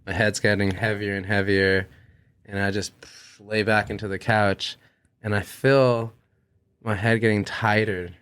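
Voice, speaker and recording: A young man, a podcast guest, telling a long personal story in casual chat, animated and swearing freely as he acts out what he said. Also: fairly low pitch, unhurried, clean tone, no room sound.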